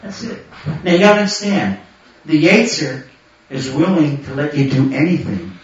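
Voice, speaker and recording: A man teaching a Torah class, animated, telling stories and bursting into shouts. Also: fairly high pitch, normal speed, distant mic. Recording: muffled echoey hall from afar.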